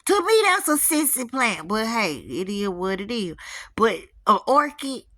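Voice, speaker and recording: A woman's voice: a little high, measured pace, dry recording, studio quality. A woman telling a spiritual story in casual chat, acting out the voices of the people in it. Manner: animated, acts out quoted voices.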